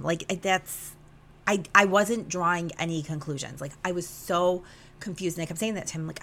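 A young woman hosts a candid podcast, recounting a personal story with raw emotion, plenty of swearing, and animated reenactments of the conversation. She has a lowish voice and a brisk delivery. There's slight background noise.

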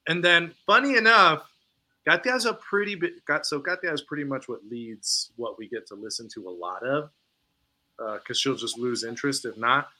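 A man's voice: medium pitch, expressive, moderate pace, pushed and bright. A man co-hosting a podcast, chatting casually and laughing often. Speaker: podcast co-host. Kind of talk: casual chat.

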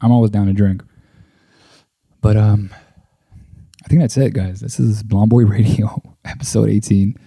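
A young man rambles through a solo podcast in a low, dark, mellow voice that stays fairly flat. He swears freely and leans on "like" and "you know", speaking close to a desk microphone in a dry, tight-sounding room. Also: a little slow, vocal fry, pauses often, breathy edge, no room sound. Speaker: podcast host. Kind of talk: casual solo podcast monologue. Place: at a table indoors. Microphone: desk microphone close to the mouth.

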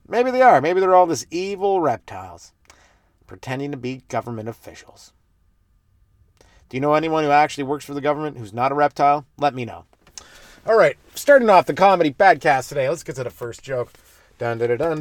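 Profane ranting comedian, dry close sound. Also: male voice, medium pitch, no room sound. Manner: profane, rambling, acts out voices of strangers. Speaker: stand-up comedian and podcast host. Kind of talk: ranting stand-up riff.

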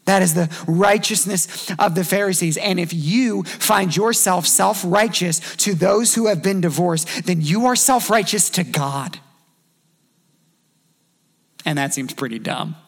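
A man delivering a sermon in a loose, conversational preaching style. His voice sits high for a man and carries a gravelly roughness. He slips into brief acted-out quotes to make his points. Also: a little slow. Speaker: pastor.

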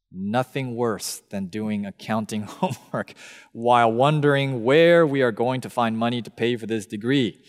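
A man in his thirties giving a camp meeting talk, telling a personal story and acting out the voices of the people in it. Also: mid-range voice. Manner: animated storyteller who acts out quoted voices. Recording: long hall reverb.

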